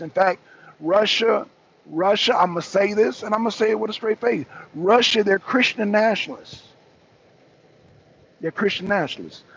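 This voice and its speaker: A man's voice: sits high, vocal fry, breathy edge. A middle-aged American man hosting a political live stream, arguing with viewers in the chat and repeating his points. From United States. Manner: argumentative, addresses chat by name, repeats himself. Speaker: talk show host. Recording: dull lo-fi stream audio.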